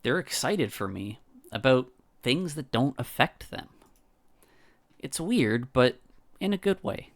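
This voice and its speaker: A man streaming, reading a visual novel aloud in a calm first-person narrator voice. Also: mid-range voice, slow pace, pauses often.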